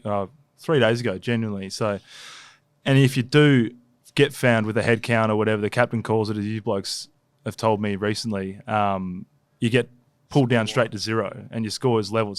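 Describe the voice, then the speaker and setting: A young Australian man with a fairly low voice chats casually on a podcast, rambling through his stories. The sound is dry and close, with no room around him. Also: no echo. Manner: laid-back, rambling storytelling. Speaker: podcast co-host and footballer. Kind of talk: casual chat.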